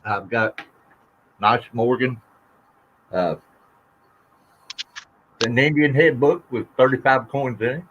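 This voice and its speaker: A man's voice: medium pitch, slow, pauses often, a bit bright, slight background noise. A man who collects coins, chatting casually on a livestream auction in a folksy, dry-joking way. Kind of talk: casual chat. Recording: slightly dull lo-fi stream audio.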